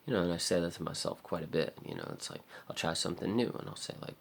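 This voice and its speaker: Deep gravelly man venting profanely. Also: lively intonation, fairly quick, slight background noise. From America. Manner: profane, rambling, frustrated. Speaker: vlogger. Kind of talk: raw personal vlog monologue.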